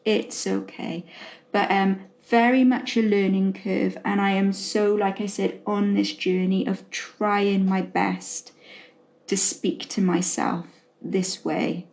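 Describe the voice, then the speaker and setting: Slow-talking reflective woman. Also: mid-range voice, level tone. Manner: gentle, reflective, many fillers and restarts. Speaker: podcast co-host. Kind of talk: casual chat.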